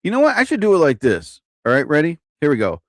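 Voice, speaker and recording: Animated, cursing live-streamer man. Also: on the high side, quick pace, dry recording. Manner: animated, profane, repeats himself. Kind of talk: rambling live-stream rant. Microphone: own desk mic.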